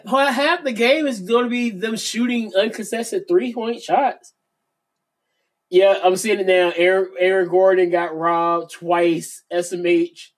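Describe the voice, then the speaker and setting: Man, co-host, high-pitched voice, teasing banter. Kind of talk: casual chat.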